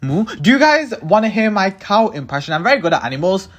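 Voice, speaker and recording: A man's voice: high-pitched, sing-song, fast talker, a bit bright. A young man narrating his own cooking videos in a casual, playful way, cracking self-mocking jokes as he goes.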